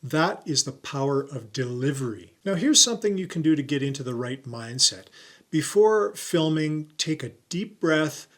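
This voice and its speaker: A middle-aged man hosts a tutorial on camera, his voice bright and a little high for a man. He speaks in a clear, deliberate presenter's manner and leans on his key words. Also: expressive. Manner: clear, deliberate presenter delivery with stressed keywords. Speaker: YouTube coach and host.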